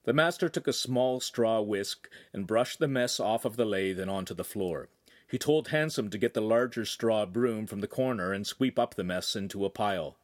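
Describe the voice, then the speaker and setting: A man narrating an audiobook in an expressive storytelling manner. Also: fairly low pitch, moderate pace. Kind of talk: scripted narration.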